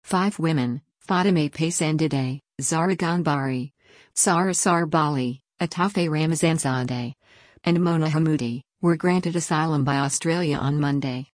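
Woman, low voice, dry close sound, even scripted news reading. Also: moderate pace, no room sound. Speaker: news reader.

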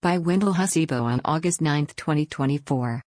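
A woman reading a written news article aloud in an even newsreader delivery, taking the text literally. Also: low-pitched, moderate pace, no echo, studio quality. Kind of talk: scripted news read-out.

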